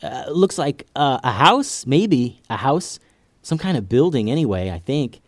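A man's voice: mid-range voice, sing-song, unhurried, no echo, clean studio sound, pitched above the performer's own voice. A man voicing a young female ninja in a children's story, with a hesitant, unsure manner. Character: young woman ninja, alert scout.

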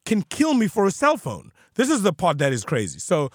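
Lively co-host man, dry sound. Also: sits high, fairly quick, breathy edge, no room sound. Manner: lively, reacts with short agreements. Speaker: podcast co-host. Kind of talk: casual chat.

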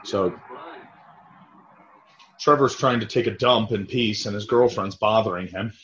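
A man co-hosting a podcast comments on a movie in a crude, laughing chat, his voice on the low side and a little slow. He's animated and acts out quotes. The lo-fi podcast audio sounds roomy and dull.

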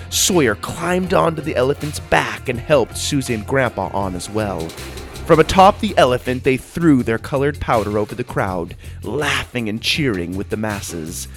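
A man's voice: mid-range voice, animated, moderate pace, faint music behind. A man hosting and narrating a children's story podcast, upbeat and friendly. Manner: upbeat and friendly, shouting out listeners.

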